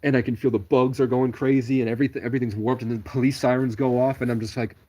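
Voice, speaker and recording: A man's voice: mid-range voice, flat delivery, quick pace, warm tone. Rambling man on a solo livestream. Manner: stream-of-consciousness, digressive storytelling.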